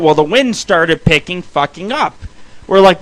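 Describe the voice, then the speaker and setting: Male radio host, bright forceful tone, rambling foul-mouthed storyteller. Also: fairly high pitch, animated, normal speed, poor audio. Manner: rambling, swears constantly, shouts punchlines. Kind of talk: profane comic storytelling.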